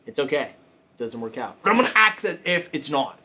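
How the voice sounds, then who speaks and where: High, lively-voiced coaching show host. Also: male voice, brisk. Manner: emphatic, repetitive, profane, laughing asides. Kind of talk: casual motivational talk.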